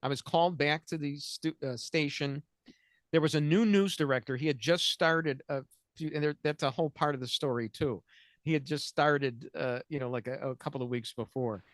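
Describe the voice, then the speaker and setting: A man's voice: a little high, moderate pace, no echo, studio quality. A man, host of a chat show, telling a long story in a rambling, self-interrupting way and laughing through the funny parts. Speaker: podcast host.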